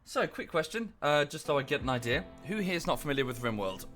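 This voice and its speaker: A man's voice: fairly high pitch, big pitch swings, quick pace, a bit bright, soft background music. A man streaming from home in a casual, rambling chat, a bit out of breath. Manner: chatty, rambling with many fillers. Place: home room.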